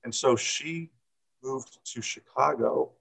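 A man's voice: medium pitch, slow pace, creaky, fairly bright tone, slightly rough, poor audio. A middle-aged man who coaches, telling a personal story in an interview, rambling and repeating words with many fillers.

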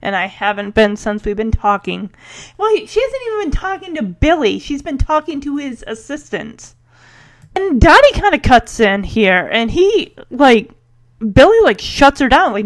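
A chatty woman with a slightly high voice recaps a TV episode in casual commentary. She talks with open enthusiasm, often says "like" and jumps into quick acted snippets of the characters' lines. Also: very animated. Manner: chatty, enthusiastic, heavy use of "like".

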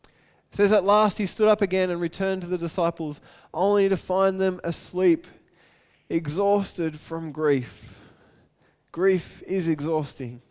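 Unhurried and high-pitched, a man delivers a sermon in which he retells scripture and performs the quoted words, alternating between loud, excited bursts and hushed, soft passages.

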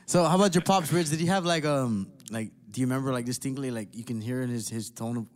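A man's voice: medium pitch, quick pace, darkish tone. A man in casual chat telling a family story, rambling, with lots of fillers.

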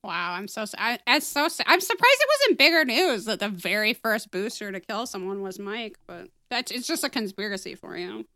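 A woman's voice: mid-range voice, very animated, normal speed, hardly any pauses, bright, forceful tone. A woman from the Chicago area, a podcast guest, chatting casually with wry teasing and frequent laughter.

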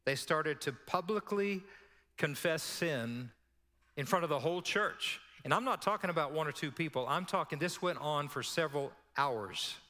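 A male pastor tells a story during a sermon, acting out the dialogue in a fairly high, pushed, bright voice at a moderate pace. A long hall reverb surrounds the recording.

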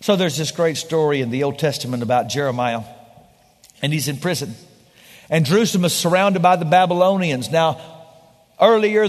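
A man preaching a sermon as pastor, swinging between loud emphatic lines and hushed, slow ones. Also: on the high side. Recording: large hall with long reverb.

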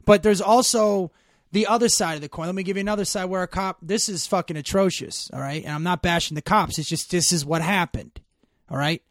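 A man's voice: high voice, fairly quick, no echo, clean studio sound. A man telling stories in casual chat, emphatic and full of profanity.

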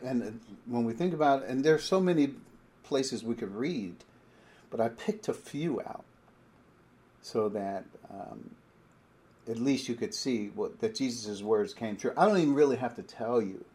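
A man's voice: fairly low pitch, a little mellow. A middle-aged man preaching a sermon in a conversational way, reading scripture aloud and breaking off to explain it. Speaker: pastor.

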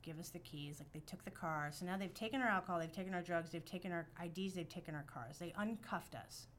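A woman on a podcast telling a story in casual chat, animated and profane, acting out the quotes. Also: fairly low pitch, quick pace, a little hiss or hum. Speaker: podcast guest.

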